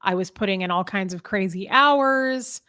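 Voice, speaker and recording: A woman's voice: medium pitch, normal speed, pushed and bright. A woman talking casually as a guest in an interview, emotional and rambling, with lots of "like" and "um".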